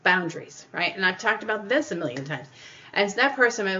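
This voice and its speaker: A woman's voice: lowish voice, expressive, normal speed, pauses often, sharp tone. Earnest woman podcast host, lo-fi. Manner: earnest, repeats points, acts out quoted people. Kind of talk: casual advice talk.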